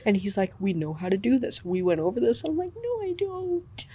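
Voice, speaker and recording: A woman's voice: medium pitch, very animated, fast talker, warm tone, husky. A teenage girl co-hosting a student podcast, chatting casually in a wry, self-deprecating way. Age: teens. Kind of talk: casual chat.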